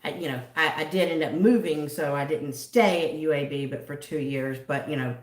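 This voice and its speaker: This Southern American livestream host has a deep voice and a moderate pace, recorded in a roomy space. She comes from the southern United States and chats casually, giggling while welcoming viewers by name.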